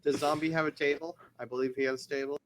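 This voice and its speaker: A man playing a tabletop role-playing game who talks in a quick, matter-of-fact way. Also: fairly high pitch, fairly even intonation. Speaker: player.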